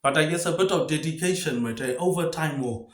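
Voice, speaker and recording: A man's voice: fairly high pitch, brisk. A man rambling through a solo monologue, firing off rhetorical questions and tagging "mate" onto nearly every phrase. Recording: echoey room.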